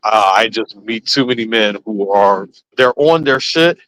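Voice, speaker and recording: A man hosting a casual chat, telling stories with animated swings into quoted voices. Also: lowish voice, measured pace, no echo, poor audio. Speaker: host.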